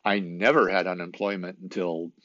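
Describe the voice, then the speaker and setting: A man's voice: low-pitched, steady tone, normal speed, a bit bright, dry recording. A man who works as an actor talks casually on his own, rambling and hesitant with many fillers and restarts, in a wry, self-deprecating way. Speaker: actor vlogging about auditions. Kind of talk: casual solo talk to camera. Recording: dull lo-fi sound.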